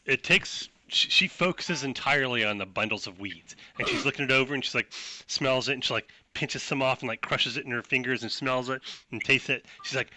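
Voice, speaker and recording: A man's voice: mid-range voice, a little fast, bright, forceful tone, dry recording. A man narrating and running a tabletop role-playing game, laid-back and rambling. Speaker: game master.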